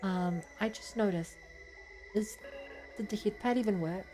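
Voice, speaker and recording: A woman's voice: mid-range voice, unhurried, warm tone, soft background music. A young woman streaming a game, reading narration aloud and chatting to her viewers in a frustrated, offhand way. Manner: frustrated, talks to chat.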